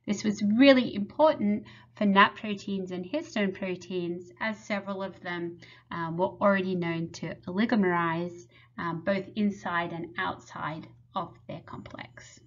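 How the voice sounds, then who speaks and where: Woman presenting her lab's research. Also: medium pitch. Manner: measured, explanatory. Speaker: lab head presenting research. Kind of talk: prepared webinar presentation. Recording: slightly muffled webinar audio.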